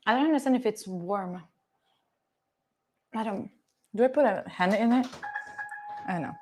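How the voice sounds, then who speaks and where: A woman's voice: medium pitch, normal speed, darkish tone, a little hiss or hum. A young woman from Italy with an Italian accent, chatting playfully with her stream while cooking, teasing her viewers and swearing casually. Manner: chatty, playful, swears freely, teases chat. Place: home kitchen.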